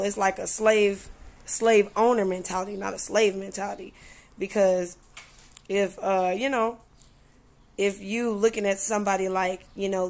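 A woman vlogging in a casual, chatty way, full of "you know" and "like", who acts out conversations with lively voices. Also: medium pitch. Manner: animated, acts out dialogue in voices. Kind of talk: casual storytelling vlog.

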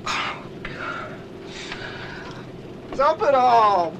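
A nervous stammering deckhand; very high, wildly swinging voice. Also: male voice, big pitch swings, very slow, muffled recording, noisy background, heavily acted. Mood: anxious. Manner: stammering, anxious. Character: jumpy young male deckhand, nervous. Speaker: boat crewman.

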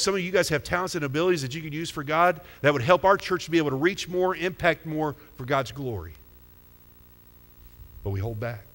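Pastor, male, easy talking preacher who quizzes his flock; voice sits a bit high, big reverberant church sound. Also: fairly bright tone. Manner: conversational preaching, asks the crowd questions. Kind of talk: sermon. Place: church sanctuary. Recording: long hall reverb.

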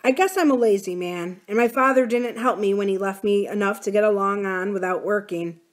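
A man's voice: sits high, brisk, lightly acted. A woman voicing a shy, awkward rancher and father who speaks eagerly but self-consciously.

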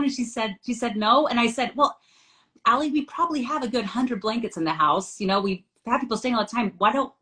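A woman's voice: on the high side, animated, fast talker, sharp tone, poor audio. A middle-aged woman hosting a scripture study discussion. She talks in an earnest way, reads passages aloud and tells family anecdotes. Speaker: host.

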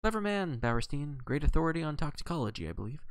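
A man voicing a soothing, careful middle-aged lawyer in an audiobook reading, speaking in measured tones. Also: on the high side, very animated, smooth, dry recording, voice pushed up.

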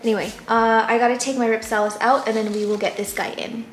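A woman's voice: on the high side, steady tone, fast talker, reverberant, a little hiss or hum. A young woman vlogging casually about her houseplants at home, chatty and self-deprecating, recorded on a camera mic some distance away. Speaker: plant vlogger. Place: apartment room.

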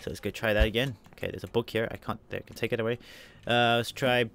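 A man rattles through live game commentary in a fairly low voice, narrating each step and spelling words letter by letter. A faint hiss and the odd click sit behind him. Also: fairly even intonation, rapid-fire, gravelly, a bit bright. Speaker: let's play gamer.

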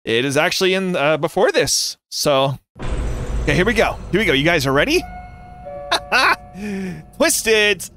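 A young man streaming a game and chatting to viewers, excitable and giggly, breaking into squeals and shouts. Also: high voice, unhurried, soft background music. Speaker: gaming YouTuber. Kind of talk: live gameplay commentary.

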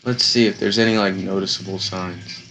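A young man giving casual, slangy commentary while playing a video game, slightly hoarse from losing his voice. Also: low voice, steady tone, moderate pace, bright, forceful tone, slight background noise. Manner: laid-back, slangy, chatty. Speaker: gaming YouTuber.

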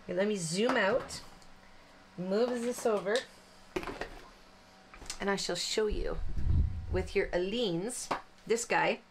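A woman's voice: medium pitch, takes it slowly, long pauses. A chatty woman talks through a card-making demo in a mid-range voice, rambling and joking at her own expense. A faint hiss of background noise sits under her voice. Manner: chatty, rambling, self-deprecating with frequent fillers. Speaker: card-making tutorial host. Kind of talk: casual crafting demonstration.

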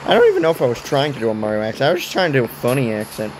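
A man's voice: medium pitch, huge pitch swings, rapid-fire, slight background noise, poor audio. A man giving casual commentary over a block-building game, chatting to the game and mocking himself. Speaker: gaming video creator.

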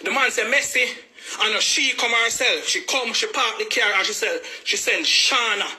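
A man's voice: extremely high pitch, moderate pace, bright, forceful tone. A man with a Jamaican accent giving a heated personal account, agitated and repeating himself for emphasis. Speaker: family member speaking out.

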